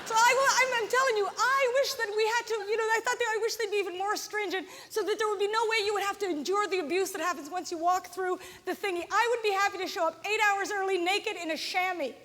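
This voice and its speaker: High-voiced ranting woman comic on stage. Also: fast talker, few pauses. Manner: animated, ranting, mimics voices. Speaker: stand-up comedian. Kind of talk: stand-up comedy set. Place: comedy festival stage. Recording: live hall with reverb and audience noise.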